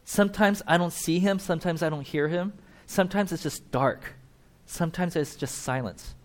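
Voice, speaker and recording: A male preacher with a somewhat high voice delivers a conversational sermon. He talks straight to his listeners and slips into quick acted-out voices for the people he describes. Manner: conversational, animated, acts out quotes. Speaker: pastor.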